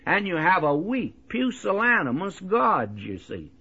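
A man delivers sermon-style Bible teaching in an emphatic, folksy way, speaking to the listener directly. His fairly high voice swings widely in pitch and sounds bright with a husky edge. The recording is dull and lo-fi. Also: big pitch swings, a little slow. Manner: emphatic, folksy, often asks "you see".

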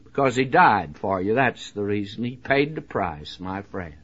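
A man's voice: fairly low pitch, sing-song, unhurried, a bit bright, husky. A man preaching a radio sermon, earnest and pleading, repeating his phrases with frequent "uh" fillers. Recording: dull lo-fi old radio broadcast.

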